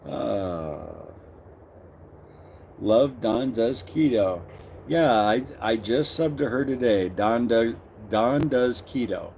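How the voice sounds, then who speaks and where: A man's voice: medium pitch, expressive, slow, creaky, a little mellow, slight background noise. A middle-aged man hosting a casual live stream, greeting viewers by name and reading their comments aloud.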